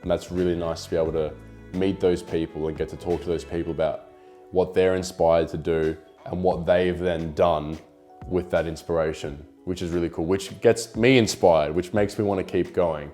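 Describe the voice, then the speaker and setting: A young Australian man, a photographer and YouTuber, chats casually in an interview, rambling in a relaxed way with lots of "like" and the odd swear word. His voice is low and his speed normal. Faint music plays in the background.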